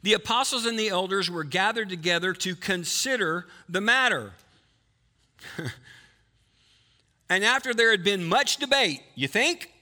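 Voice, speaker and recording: A male pastor preaching a sermon to a live congregation, quizzing the people and switching between quick talk and slow emphasis. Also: high-pitched, expressive, pushed and bright. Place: church before a live congregation.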